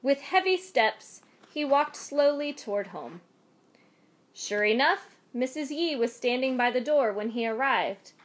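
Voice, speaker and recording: A woman narrating a folk tale in a measured, expressive storytelling manner. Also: high-pitched.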